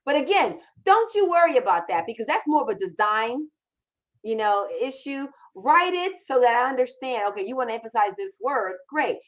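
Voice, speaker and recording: A woman's voice: on the high side, animated, normal speed, low-quality recording. A woman copywriting mentor hosting a live Q&A, talking in an emphatic, conversational way with frequent restarts. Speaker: copywriting mentor and show host. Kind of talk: live Q&A chat.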